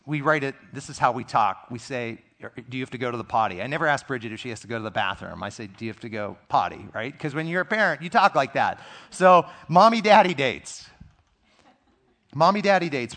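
Man, middle-aged, high-pitched, pastor, conversational earnest sermon. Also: fairly bright tone. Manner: conversational, earnest preaching with personal stories.

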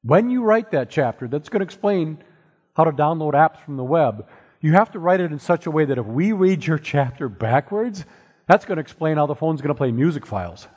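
A husky-voiced middle-aged man speaks to an audience, walking listeners through his points with homely analogies and the odd dry joke. His voice rings out with a long reverb tail from a large hall. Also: on the high side, expressive, brisk, darkish tone. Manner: explains with everyday analogies and wry asides. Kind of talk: presentation to an audience.

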